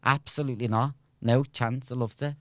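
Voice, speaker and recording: A young Scouse-accented man from Liverpool, England, once a radio presenter, chats casually as an interview guest and laughs often. His medium-pitched voice is steady and brisk, and the dry recording has its highs cut off.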